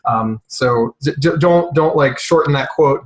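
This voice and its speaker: A man advocating for peer support on a live round-table, telling stories with lively energy and frequent stammering restarts. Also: fairly high pitch, takes it slowly, low-quality recording. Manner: animated storyteller with stammering restarts.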